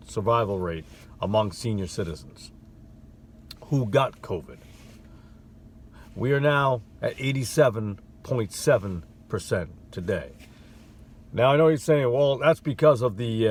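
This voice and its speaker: A man talks casually from his car, rattling off long strings of numbers in an offhand, hurried way. His pitch sits in the middle for a man. The sound is that of a voice recorded inside a car. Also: slight background noise. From Connecticut, USA. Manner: rapid, offhand, rattling off figures. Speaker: vlogger. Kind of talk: casual talk to camera.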